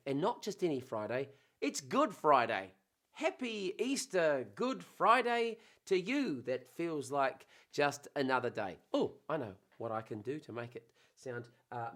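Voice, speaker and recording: A man hosting a casual, playful monologue, rambling warmly between jokes and memories. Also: on the high side. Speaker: host.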